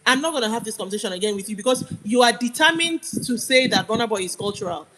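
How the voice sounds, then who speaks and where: A young woman with a Nigerian accent fires off a heated live-stream rant, arguing emphatically and hammering every point. She talks fast and animatedly in a fairly high, somewhat bright voice, and the recording is rough.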